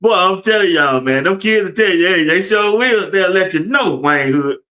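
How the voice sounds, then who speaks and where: Animated, lively-voiced male sports talk host. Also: high voice, normal speed. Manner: animated, laughs often, loose colloquial talk; addresses viewers and chat directly. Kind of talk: casual sports commentary livestream.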